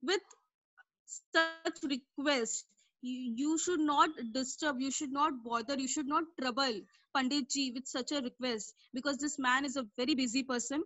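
A woman's voice: high-pitched, steady tone, normal speed, fairly bright tone, no echo, low-quality recording. A woman teacher, explaining a story and its word meanings patiently and repeating herself as she goes. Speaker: English teacher. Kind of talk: online class lesson explaining a story.

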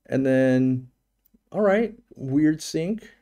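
A man's voice: medium pitch, lively intonation, very slow, dark tone. A man hosting a live stream, giving a casual, joking commentary on a virtual home tour and thinking aloud with many restarts.

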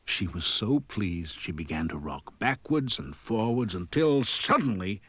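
Lively, low-voiced male storyteller. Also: husky, no room sound. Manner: lively, expressive, dropping to a whisper at quiet moments. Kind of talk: scripted storybook narration.

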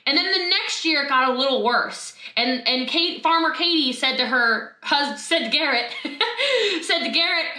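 A woman giving an animated, emphatic motivational talk over a video call, telling a story with asides. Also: sits high, normal speed, hardly any pauses. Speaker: motivational speaker. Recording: roomy echo.

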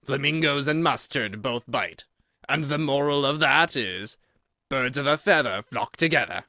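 A man's voice: mid-range voice, lively intonation, a little slow, sharp tone, no room sound, studio quality. A man voicing a fawning, moralizing duchess who lectures in a sing-song, agreeable manner, for a storybook reading. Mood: preachy.

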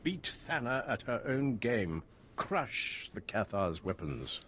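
A goading video game character, speaking slowly with a lively, rising and falling pitch over faint hiss. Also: male voice, full character voice.

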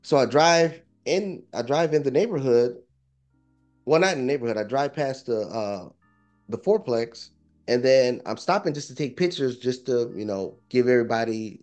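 Casual male investor guest, mid pitch, repeats himself, with faint music behind. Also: moderate pace, a little mellow. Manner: laid-back, informal, repeats phrases. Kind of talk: casual storytelling interview.

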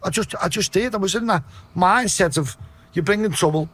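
A man's voice: brisk, fairly bright tone. A middle-aged man with a Liverpool accent, telling his story in a blunt, sweary interview. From Liverpool, England. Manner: blunt, sweary, low-voiced retelling. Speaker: podcast guest.

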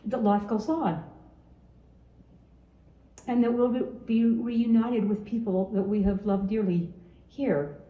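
A woman's voice: medium pitch, mellow, echoey room, low-quality recording. A woman in her seventies from Utah, giving a heartfelt farewell message to her grandson, earnest and often repeating her phrases. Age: 70s.

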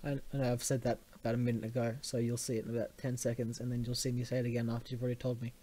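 A man's voice: medium pitch, flat delivery, rapid-fire, warm tone. A young man with an Australian accent hosting a live stream, joking and laughing often. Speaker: stream host. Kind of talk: casual live-stream chat.

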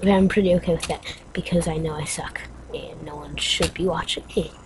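A woman's voice: sits low, fairly even intonation, a little fast, noisy background. A woman giving let's play commentary, rambling and mocking herself, with sudden yelps and screams. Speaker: game player.

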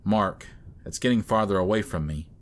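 A jumpy, reluctant young man who is sure things will go wrong, voiced by a man telling a horror story. He talks low and deep, in an uneasy and wary way. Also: moderate pace, natural voice.

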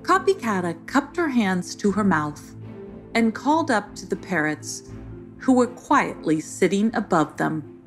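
A woman narrates a children's story in an unhurried, scripted reading. Her pitch moves in a lively, animated way. Soft music plays beneath her voice.

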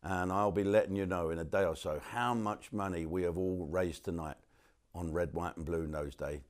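A man hosting and closing a live comedy show, gruff and matter-of-fact. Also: deep voice, steady tone, moderate pace. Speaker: host.

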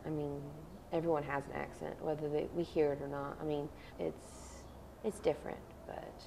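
Young texas girl chatting away in an interview, low voice, lots of vocal fry, says "like" and "i mean" all the time. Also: little pitch movement, normal speed, big-room sound, noisy background. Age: young adult. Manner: chatty, many fillers like "I mean" and "like". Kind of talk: casual interview talk.

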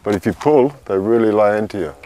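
A man's voice: lowish voice, animated, quick pace, warm tone. A man with an English accent, a fishing guide from near London, chatting in a laid-back way on a boat. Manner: laid-back, says "mate" a lot. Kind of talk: casual chat. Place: outdoors on a small boat on a lake. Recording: outdoor ambient noise.

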